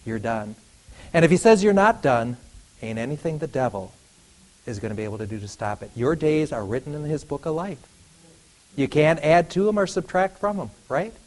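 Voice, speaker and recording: A middle-aged man preaching to a congregation, emphatic, swinging from loud declarations to quiet asides and asking the room rhetorical questions. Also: a little high, lively intonation, brisk, poor audio. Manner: asks the audience rhetorical questions. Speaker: lay preacher addressing a congregation. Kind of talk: sermon.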